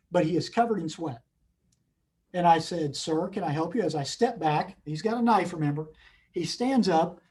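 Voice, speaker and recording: A middle-aged man, a police chief speaking as a guest on a video call from his office, telling a story with earnest, halting restarts. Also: sits high, warm tone, slightly rough. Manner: earnest, many restarts and repeats. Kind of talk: unscripted storytelling at a community meeting.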